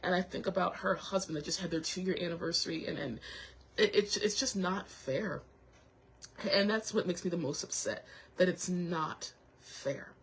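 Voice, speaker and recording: A young woman hosting her own show, talking to viewers while close to tears, halting with many restarts and apologies. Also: on the low side, slightly rough. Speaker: show host. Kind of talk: emotional personal talk to viewers.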